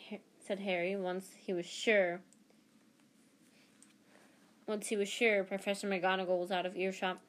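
A woman's voice: medium pitch, flat delivery, unhurried, pauses often. A woman narrating a novel aloud, reading steadily with small restarts and self-corrections.

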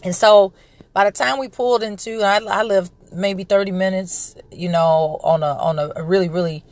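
Chatty mom, a bit hoarse. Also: female voice, mid-range voice, steady tone, normal speed, darkish tone, no echo. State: recovering from a respiratory illness, throat clearing. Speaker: podcast host, parent. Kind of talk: casual monologue.

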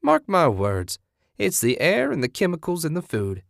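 A man's voice: on the high side, wildly swooping pitch, normal speed, creaky, no echo, clean studio sound, voice pushed up, exaggerated voice. A man reading a story, voicing a scornful, blunt woman who mocks and lectures. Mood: insistent. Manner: mocking, know-it-all.

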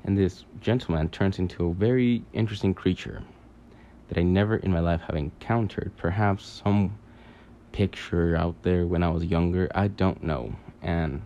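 A man telling a long dream story in a halting, rambling way, full of fillers, restarts and casual swearing. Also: sits low, dark tone, highs cut off, a little hiss or hum. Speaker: podcaster recounting a dream.

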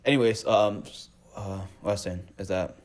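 A man's voice: on the low side, steady tone, normal speed. A young man co-hosting a podcast, chatty and telling stories full of asides. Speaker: podcast co-host. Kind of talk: casual chat.

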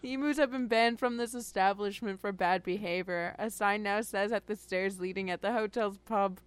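A woman's voice: mid-range voice, steady tone, normal speed, clean tone, no echo. A woman co-hosting a comedy podcast, reading odd news stories aloud and adding dry asides. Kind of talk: casual comedic chat.

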